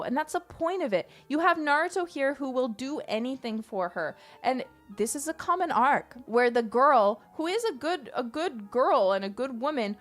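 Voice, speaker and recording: A woman streamer ranting in casual, animated talk, emphatic and swearing freely. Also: high voice.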